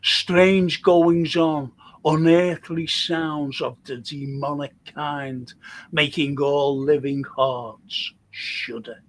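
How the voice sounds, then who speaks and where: An older man reads his own eerie verse aloud in a slow, drawn-out delivery. His voice sits a little higher than most men's. He leans on each line with deliberate drama. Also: steady tone. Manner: slow, deliberate dramatic reading with a swearing, fumbling chat between. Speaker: amateur poet on a live stream. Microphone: computer mic on a live stream.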